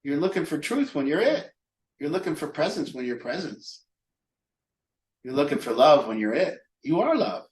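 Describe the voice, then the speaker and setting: A man's voice: fairly high pitch, big pitch swings, normal speed, a little mellow. A man leading a recovery group talk, speaking emphatically and rhetorically. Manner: emphatic, rhetorical, acts out imagined voices. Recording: echoey room.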